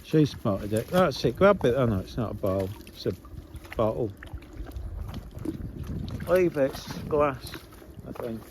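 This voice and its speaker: A man's voice: medium pitch, expressive, measured pace, pauses often. A man chatting casually and coaxing his dogs on an outdoor walk, recorded on a handheld phone. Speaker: vlogger. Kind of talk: casual chat while walking dogs. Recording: outdoor phone audio with background noise.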